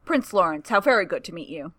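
A woman voicing a polite, assured older male official who speaks smoothly in a storybook reading. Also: on the low side, expressive, fast talker, a bit bright, dry recording. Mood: courteous.

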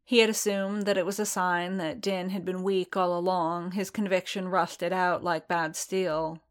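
A woman reads a piece of fiction aloud in a calm, measured way. Her voice sits a little low, and she takes her time over each sentence. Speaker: reader.

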